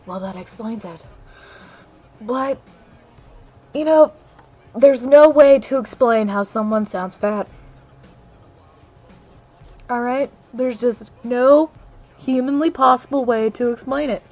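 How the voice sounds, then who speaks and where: A woman's voice: fairly high pitch, takes it slowly, pauses often, a little mellow, low-quality recording. Brash profane young woman gamer ranting. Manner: brash, profane, sarcastic trash talk. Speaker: gamer vlogger. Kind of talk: casual ranting monologue. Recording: faint music underneath.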